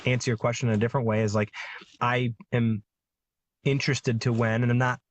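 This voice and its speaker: A man's voice: medium pitch, little pitch movement, brisk, dull audio. A man in his thirties, a guest medium, speaking earnestly in a casual interview chat with many fillers.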